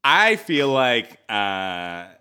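A man's voice: medium pitch, huge pitch swings, drawn-out words, sharp tone, clear, resonant tone. A young man co-hosting a podcast, rambling and joking in casual chat with many restarts. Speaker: podcast co-host.

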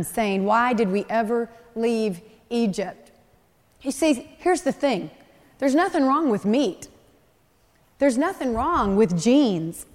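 A woman delivers a sermon with an animated, conversational storytelling manner, talking straight to her listeners. Her voice sits high, and it rings with the long reverb of a large hall. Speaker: preacher.

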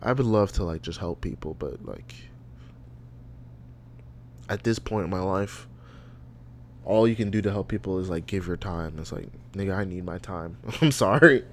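A man's voice: low voice, normal speed, long pauses, slight background noise. A young adult man hosting a solo podcast, ranting and rambling with lots of profanity. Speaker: podcast host.

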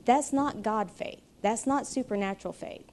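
A woman teaching a Bible study in an earnest, unhurried way, pausing often with ums and uhs. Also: on the high side, a little mellow, slight background noise. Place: room with chairs, audience present.

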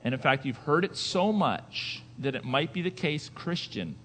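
Bright-voiced preacher in a reverberant hall. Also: male voice, a little high, lively intonation, normal speed, a little hiss or hum. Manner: swings between quiet asides and loud emphatic declarations; conversational, rhetorical questions to the congregation. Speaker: pastor. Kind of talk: sermon.

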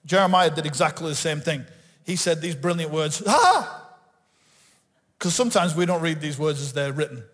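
A middle-aged man from England, preaching a lively sermon and acting out the quotes he tells. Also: fairly high pitch, a little fast. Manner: animated preaching, acts out quotes. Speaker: guest pastor. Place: church hall. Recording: reverberant church hall.

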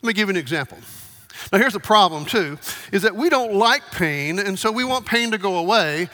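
A male preacher with a high, bright voice talks easily with his congregation and keeps asking them questions. The sound carries the long reverb of a large hall. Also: expressive, fairly quick. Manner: asks the congregation questions, conversational. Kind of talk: sermon.

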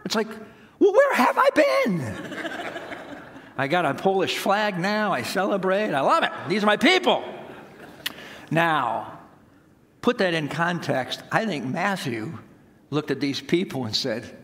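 Male pastor, about 60, animated storytelling sermon, fairly high voice, hall reverb. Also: measured pace. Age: around 60. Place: church sanctuary.

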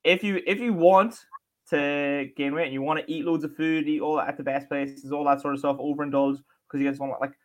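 A man's voice: on the high side, steady tone, brisk. A man co-hosting a casual podcast chat, blunt and swearing casually. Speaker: podcast co-host.

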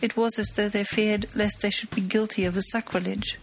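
Woman reading an old mystery novel aloud, middle pitch, steady dramatic telling, soft music faint behind. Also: moderate pace, hardly any pauses, rough recording. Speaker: audiobook narrator. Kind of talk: scripted narration.

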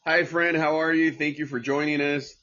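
A man's voice: fairly high pitch, fairly even intonation, normal speed, bright, forceful tone, highs cut off. A man from Southern California hosting a casual podcast, rambling and profane with frequent restarts. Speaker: podcast host. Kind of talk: casual livestream podcast chat.

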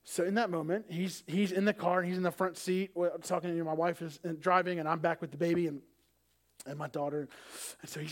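A pastor in his thirties delivers a sermon at a quick clip. His voice sits high for a man, and he slips into lively little performances of his family's conversations. It is storytelling from the pulpit, brisk and expressive. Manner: animated storytelling, acting out family dialogue.

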